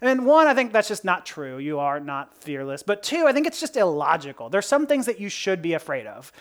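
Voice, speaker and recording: With a low-leaning voice and a fairly quick pace, this woman preaches in an animated, conversational manner. Rhetorical questions pepper her sermon, and she laughs at her own jokes.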